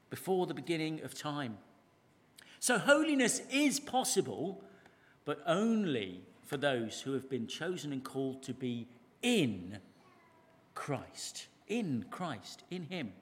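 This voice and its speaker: A man delivering a sermon with a lively, swooping delivery, his voice sitting a bit high for a man. He leans on key words, drawing them out slowly, and poses questions to the congregation. The sound carries a long reverb from the church around him, and his voice moves closer to and farther from the pulpit mic. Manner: animated, drawn-out emphasis, rhetorical questions. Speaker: pastor. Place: church service, large room.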